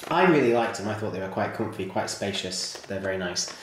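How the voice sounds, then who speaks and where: A man's voice: fairly low pitch, lively intonation, a little fast. Chatty man in a very echoey room. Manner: chatty, enthusiastic, rambling asides. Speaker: model railway reviewer. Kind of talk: casual hobby video review. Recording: very echoey room, faint noise.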